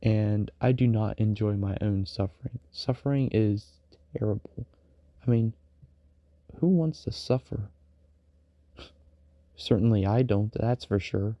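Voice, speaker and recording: A man's voice: lowish voice, measured pace, pauses often, dark tone, dry recording, lo-fi sound. A man rambling in a casual late-night stream monologue, full of fillers and restarts. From United States.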